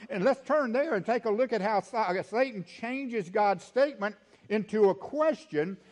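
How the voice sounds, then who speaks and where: Man, preacher, high voice, folksy, conversational, sermon, reads scripture aloud. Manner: folksy, conversational, with frequent "you see" and "you know"; reads scripture aloud in King James wording.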